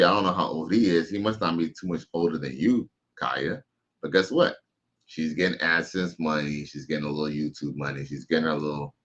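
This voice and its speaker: A man with a very low voice chats casually on his live stream, reading viewer comments and riffing in relaxed slang. His voice comes through muffled and dull. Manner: laid-back slangy banter, reads chat aloud.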